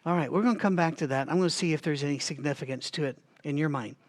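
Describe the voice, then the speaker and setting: Guy teaching bible study, kinda high voice, chatty, keeps coughing. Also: quick pace. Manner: chatty, thinks aloud with restarts and asides. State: has a recurring cough.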